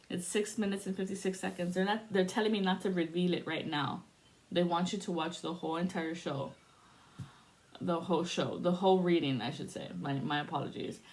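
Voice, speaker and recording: A woman talks through a spiritual reading in a loose, chatty way, swearing freely and laughing as she goes. Her voice sits a little low for a woman. At times she turns to a spoken prayer, calling on spirits. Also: brisk, a little mellow. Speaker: spiritual reader.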